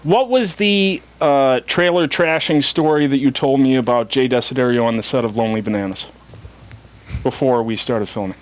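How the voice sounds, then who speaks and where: A man's voice: medium pitch, moderate pace. A man hosting a talk show, teasing his guests in casual chat and reading out plugs. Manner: playful, teasing interviewer.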